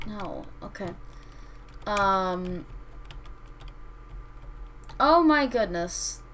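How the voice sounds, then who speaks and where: A woman's voice: medium pitch, lively intonation, drawn-out words, pauses often, a bit bright, a little hiss or hum, low-quality recording. A woman hosting a let's-play, commenting casually on her strategy game in a rambling, hesitant way that keeps correcting itself. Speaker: gaming channel host.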